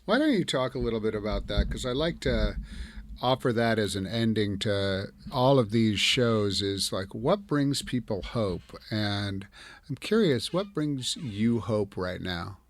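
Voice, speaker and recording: A man's voice: lowish voice, lively intonation, a little slow, dry recording. A man hosting a radio interview, asking long, searching questions that he restarts as he goes. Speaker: radio show host.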